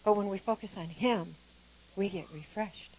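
An older woman teaching an informal Bible lesson, telling personal stories with lively laughter. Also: medium pitch, moderate pace, low-quality recording. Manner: animated storytelling, laughs often. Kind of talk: informal sermon.

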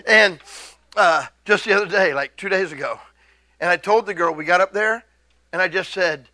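A middle-aged man preaching a sermon, excitable, swinging from hushed asides to loud, drawn-out scripture readings. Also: high-pitched, no echo.

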